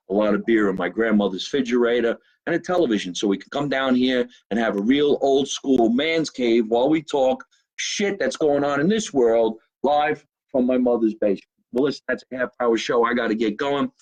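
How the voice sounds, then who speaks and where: Profane New Jersey comedian chatting casually. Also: male voice, mid-range voice, brisk, darkish tone, rough recording. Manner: loose, profane, joking to viewers. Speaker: comedian host. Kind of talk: casual live-stream chat. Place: home basement.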